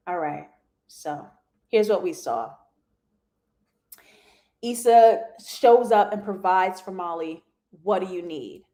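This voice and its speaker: A woman's voice: on the low side, takes it slowly, pauses often, warm tone. A young woman hosting a live TV review show, chatting casually to viewers with slangy asides and frequent laughter.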